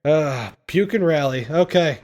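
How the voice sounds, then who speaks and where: A man's voice: a little high, expressive, measured pace, a little mellow. A man hosting a casual podcast, retelling a comedy film scene by scene and laughing often. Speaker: podcast host.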